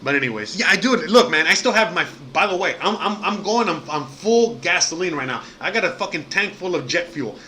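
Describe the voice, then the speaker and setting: A man ranting to his viewers with a high, bright, edgy voice. He is heated and outraged and swears constantly, and his sentences run on with "you know" and "all right." A faint hiss of noise sits under the recording. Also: animated, brisk, few pauses. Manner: heated, profane and outraged, with frequent fillers. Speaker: live-stream host. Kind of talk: casual ranting monologue to viewers.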